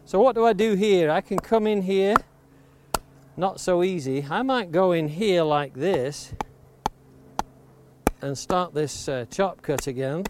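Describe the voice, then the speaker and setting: A woodcarving instructor with a high-pitched voice speaks slowly in this hands-on demonstration, recorded outside near the coast. He shows how to shape a wooden blank with an axe, explaining each step and emphasizing safety, with axe chops and clicks coming through clearly.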